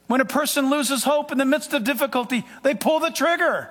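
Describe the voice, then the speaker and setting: Preaching in what sounds like a vast sanctuary, a high-voiced male pastor swings dramatically between loud emphasis and hushed tones, his words trailing off in long reverb. He speaks a little fast.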